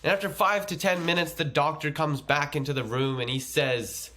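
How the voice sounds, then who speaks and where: A man's voice: on the high side, fairly even intonation, moderate pace, sharp tone. A man running a casual tutorial, chatty and explaining things step by step. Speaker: agency owner teaching a course.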